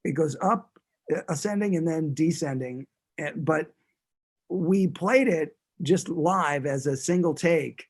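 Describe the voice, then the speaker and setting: A man's voice: a little high, unhurried, breathy edge. A man who is a guest musician, chatting casually in an interview and talking in a rambling way, with many restarts.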